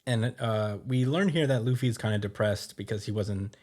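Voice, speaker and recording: A man's voice: lowish voice, darkish tone. A man hosting a podcast, giving a loose, rambling recap full of fillers. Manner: rambling, many fillers, quick laughs. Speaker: podcast host. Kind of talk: casual episode recap.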